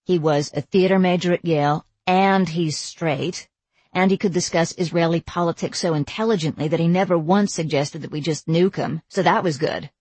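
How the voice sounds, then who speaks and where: A woman's voice: on the low side, moderate pace, darkish tone, slightly rough, no echo. A woman voicing a young woman friend in a storybook who gossips and complains in a deflated, chatty way. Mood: gossipy.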